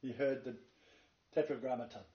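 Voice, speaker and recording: A man's voice: medium pitch, normal speed, warm tone. A man giving a sermon-style Bible lecture to a live congregation, reading long quotations aloud and then preaching emphatically. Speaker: Bible teacher. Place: meeting room with a live congregation. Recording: dull, echoey, far-off room recording.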